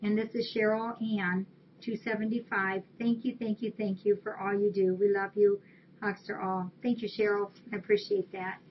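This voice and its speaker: On a shelter webcam stream, a woman reads holiday cards aloud and thanks viewers one at a time in a casual way. Her mid-pitched voice is delivered flatly at a moderate pace, with faint background noise in dull, lo-fi audio.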